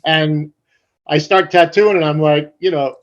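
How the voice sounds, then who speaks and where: A man's voice: a little high, steady tone, a little slow, highs cut off. A man in his sixties, a guest tattoo artist, telling profane stories casually in an interview and acting out the voices in them.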